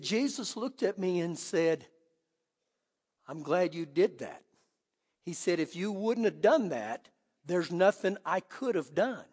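High-voiced preaching man in a reverberant hall. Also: husky. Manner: animated preaching, swings from loud to hushed. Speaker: pastor. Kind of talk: sermon.

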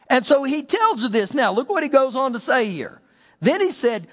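A man's voice: very high voice, fairly quick, long reverb tail. A male pastor preaching a sermon, acting out the voices of the people in his stories. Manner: animated preaching, acts out the voices in stories and scripture.

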